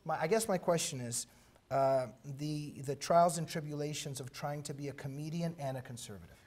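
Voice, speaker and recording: A man hosting a political talk show, opening formally and putting brisk, pointed questions to his guest. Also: a little high, darkish tone. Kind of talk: interview.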